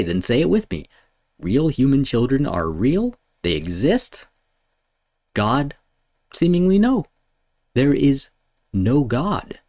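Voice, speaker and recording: Give me a man venting in a heated, profane rant, with a very animated voice that swings from shouts to quiet grumbles. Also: medium pitch. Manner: heated, swearing, lurching between shouts and mutters.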